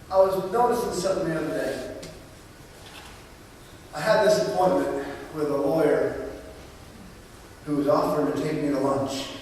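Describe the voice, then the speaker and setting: A man's voice: fairly high pitch, slight background noise. A man preaching a sermon, telling a story in a chatty way with wry humour. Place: church. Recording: echoey church hall from far off, faint ambience.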